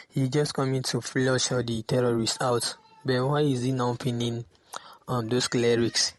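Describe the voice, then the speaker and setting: Man, Nigerian Pidgin English accent, hesitant casual commentary, monotone, dry recording. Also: mid-range voice, no room sound. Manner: hesitant, many fillers, mixes Pidgin and English.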